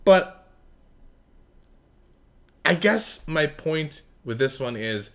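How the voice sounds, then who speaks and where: A man judging writing contest entries, blunt, sarcastic and profane, swinging between loud bursts and muttered asides. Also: fairly high pitch, big pitch swings, slow, vocal fry. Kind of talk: recorded critique of contest entries.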